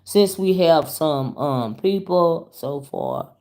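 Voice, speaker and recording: A woman's voice: deep voice, takes it slowly. A woman, chatting animatedly to her viewers as she tells a story on her vlog. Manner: animated, chatty, calls audience "y'all" and "child". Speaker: YouTube commentary host. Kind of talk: casual storytelling chat.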